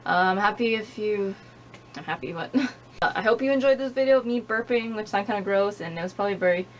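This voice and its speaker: A woman's voice: medium pitch, fairly quick. A young woman rambling casually to camera in a home vlog, apologetic and self-deprecating. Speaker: YouTuber. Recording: dull lo-fi home recording with faint hiss.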